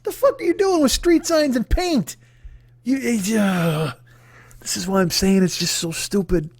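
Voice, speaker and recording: 40s guy ranting on his podcast, kinda high voice, swears a ton, dead dry sound. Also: unhurried, creaky, breathy edge, no echo. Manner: sweary, exasperated, rambling. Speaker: comedy podcast host. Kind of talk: profane comedic rant.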